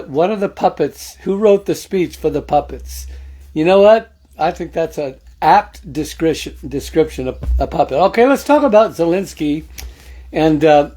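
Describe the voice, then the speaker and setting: A man's voice: a little high, dark tone. A man hosting a political commentary show, talking casually and sarcastically to his viewers, greeting them by name and punctuating points with amen.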